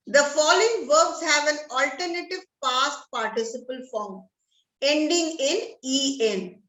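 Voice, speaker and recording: A woman teacher with an Indian English accent slowly reciting lists of English verb forms in a drilled manner. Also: high voice, fairly bright tone. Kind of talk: reading a verb list aloud. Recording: roomy echo, distant mic.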